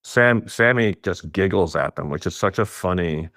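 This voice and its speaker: A man's voice: low voice, normal speed, no room sound, clean studio sound. A middle-aged man telling stories in casual conversation, laughing often and jumping his voice up for emphasis. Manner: animated storyteller, laughs often, voice jumps up for emphasis.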